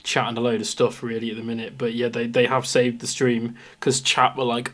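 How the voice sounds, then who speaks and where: A man's voice: medium pitch, fairly even intonation, normal speed, hardly any pauses, a bit bright. Rambling young Englishman live-streaming. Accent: English Midlands. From England. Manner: rambling, self-mocking, jumps between topics. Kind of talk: live reaction stream chat.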